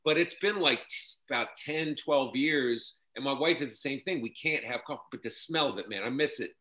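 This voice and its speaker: A man talks with a bright, clear tone. He stumbles and restarts his sentences often, like a guest easing into a relaxed conversation. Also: medium pitch. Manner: halting, many restarts and fillers. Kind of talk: casual chat.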